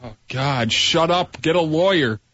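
A mid-pitched man trades jokes and anecdotes as a radio co-host. His voice sounds dry and slightly muffled. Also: expressive, measured pace, a bit bright, no room sound. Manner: wisecracking, storytelling. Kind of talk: casual radio banter. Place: radio studio.

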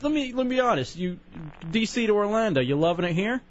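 A man's voice: sits high, quick pace, a little hiss or hum. A man hosting a casual talk radio show, joking with his co-host and taking calls from listeners. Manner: animated, joking, takes calls. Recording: lo-fi radio broadcast.

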